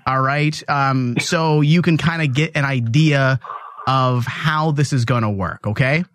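A man's voice: mid-range voice, measured pace, a bit bright, slight background noise. A man hosting a comedic call-in show, joking and rambling as he talks to callers. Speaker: show host. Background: faint music.

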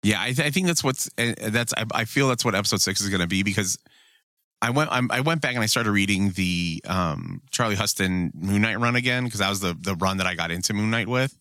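A man's voice: lowish voice, no room sound, clean studio sound. A man co-hosting a podcast in casual chat, swearing freely and acting out quotes with energy. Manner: profane, animated, quick to act out quotes. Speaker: podcast co-host.

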